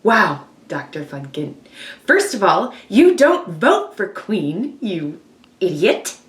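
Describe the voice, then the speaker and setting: A woman's voice: medium pitch, sing-song, slow. A woman playing a vain, showy fantasy queen with a put-on posh accent and a condescending, theatrical manner. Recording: echoey room.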